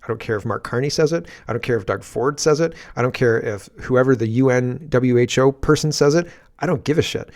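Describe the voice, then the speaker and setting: A man's voice: mid-range voice, fairly quick, a little mellow. A man hosting a livestream from his garage, ranting about politics in a defiant, emphatic and profane way. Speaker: political commentary host. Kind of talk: unscripted livestream rant.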